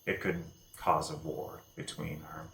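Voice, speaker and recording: Deep-voiced man playing a tabletop game. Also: flat delivery, measured pace, creaky, fairly bright tone, slight background noise. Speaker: player. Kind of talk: casual tabletop play. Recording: echoey room.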